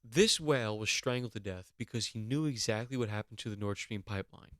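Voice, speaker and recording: A man's voice: on the low side, fairly quick, no echo. Mock-outraged man ranting, dry sound. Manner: animated, swearing, mock-outraged. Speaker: podcast host. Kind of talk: comedic rant on a podcast.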